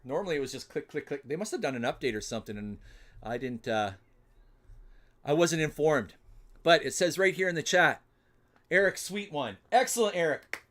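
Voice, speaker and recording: A man hosting a solo livestream giveaway, flustered and muttering to himself as he fumbles with the software. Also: a little high, animated, moderate pace, long pauses. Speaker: livestream host running a giveaway. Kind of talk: casual solo livestream chat.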